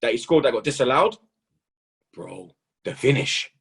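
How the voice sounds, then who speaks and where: A young man, a football pundit who talks in loud, animated street slang and keeps saying "blood" and "you understand". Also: medium pitch, normal speed, gravelly, husky. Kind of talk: casual football banter.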